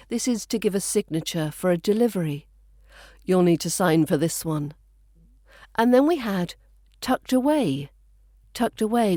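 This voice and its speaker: A woman with a British RP accent teaching pronunciation, speaking slowly and clearly and repeating each word for practice. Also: medium pitch, a little mellow, no echo, studio quality. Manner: slow, carefully enunciated, repeats words for practice. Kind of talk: scripted accent lesson.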